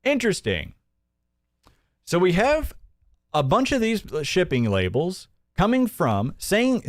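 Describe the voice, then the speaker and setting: Sarcastic livestream host, lively pitch. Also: male voice, no echo, studio quality. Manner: sarcastic, mocking, exasperated; reads donations aloud. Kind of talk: casual livestream commentary.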